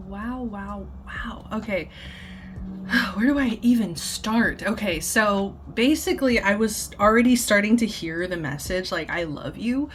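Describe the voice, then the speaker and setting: Casual tarot reader, woman, unhurried and giggly, filler-heavy rambling. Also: medium pitch, a little hiss or hum. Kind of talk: casual tarot channeling video. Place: at home.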